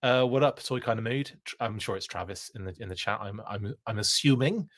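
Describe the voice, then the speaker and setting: A man's voice: on the low side, a little fast, a bit bright. A man hosting a live podcast, chatting casually and reading viewer comments, rambling with plenty of fillers and playful jokes. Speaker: podcast host.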